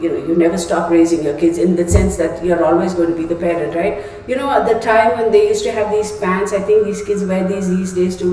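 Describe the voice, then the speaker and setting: Recorded at a distance in a room full of echo, this middle-aged tarot live streamer speaks in a mellow, mid-range voice. She keeps things casual, ranting through a story and breaking into frequent laughter.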